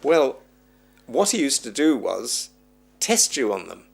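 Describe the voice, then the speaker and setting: Gravelly-voiced Englishman telling old stories. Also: medium pitch, measured pace. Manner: animated storyteller who acts out quoted voices. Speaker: film historian interviewee. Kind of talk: reminiscing interview answers.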